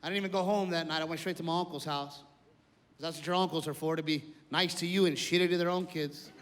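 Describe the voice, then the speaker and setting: Profane man doing stand-up, high voice. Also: fairly even intonation, fast, fairly bright tone, slight background noise. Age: adult, older than in youth. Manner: profane, storytelling. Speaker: stand-up comedian. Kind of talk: stand-up comedy. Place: live comedy stage. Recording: live club, reverb and crowd.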